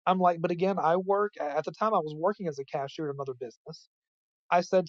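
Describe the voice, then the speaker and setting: A man's voice: high-pitched, fast, no echo. A man guesting on a podcast, telling a personal story in a casual, rambling way full of fillers and restarts. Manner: rambling, filler-heavy, many restarts and "I'm like" quotes. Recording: dull lo-fi dry sound.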